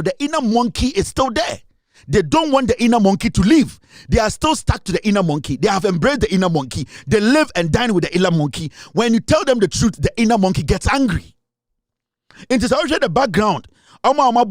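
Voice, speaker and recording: Ghanaian male commentator, high-pitched, heated and scornful, close dry mic. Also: no room sound. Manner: heated, scornful, repetitive, switching into Twi. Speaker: political commentator. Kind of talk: impassioned political monologue.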